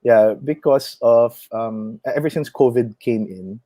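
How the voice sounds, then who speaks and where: A man with a Filipino accent, a chef chatting as an interview guest, animated and quick to laugh as he tells stories. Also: mid-range voice, no echo. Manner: animated storyteller, mixes in Tagalog, laughs often. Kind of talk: casual interview conversation.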